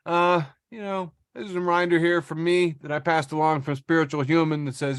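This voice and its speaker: A man's voice: fairly high pitch, flat delivery, a little fast, few pauses, clean tone, no echo, clean studio sound. A man hosting a podcast in casual chat, joking, laughing and reading out social media posts. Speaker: podcast host.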